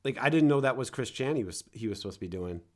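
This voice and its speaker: A man's voice: medium pitch, expressive, quick pace. A man hosting a casual stream, rambling and laughing as he chats with a guest. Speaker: streamer host.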